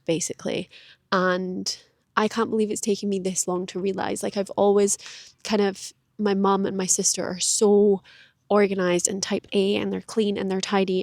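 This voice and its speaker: A woman's voice: medium pitch, darkish tone, dry recording, studio quality. A woman, rambling candidly and self-deprecatingly in a personal vlog. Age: late 20s. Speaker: vlogger. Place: outdoors in a park.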